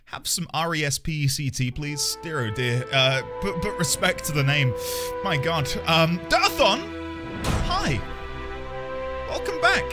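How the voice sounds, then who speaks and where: A man's voice: a little high, moderate pace, music in the background. A man live-streaming a game, chatting playfully with viewers, with theatrical asides and frequent laughter.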